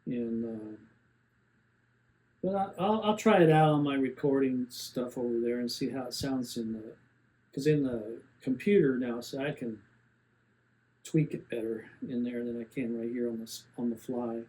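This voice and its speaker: A man's voice: medium pitch, moderate pace, dark tone, poor audio. A man in his seventies rambling plainly through a casual gear review, with many fillers and restarts. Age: 70s.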